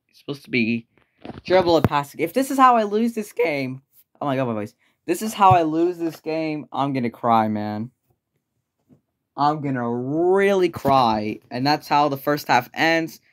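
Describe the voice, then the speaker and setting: A young man with a fairly high voice narrates his own football video game match live. He groans, exclaims and swears at his players, his commentary rising and sinking with every chance. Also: animated, moderate pace, a bit bright. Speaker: gameplay streamer.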